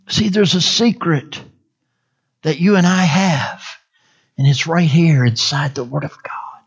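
A preacher delivering a sermon, repeating scripture phrase by phrase and swinging from hushed whispers to loud cries. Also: mid-range voice, slightly rough, lo-fi sound. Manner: dramatic swings between whispers and shouts.

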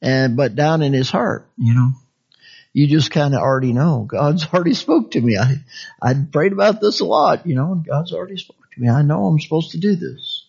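A man preaches in a relaxed, folksy way, chuckling often as he talks. His voice sits fairly high and swings between bright, raised phrases and near-whispered asides. The recording sounds dull and lo-fi. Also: normal speed, vocal fry, slightly rough. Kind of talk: sermon.

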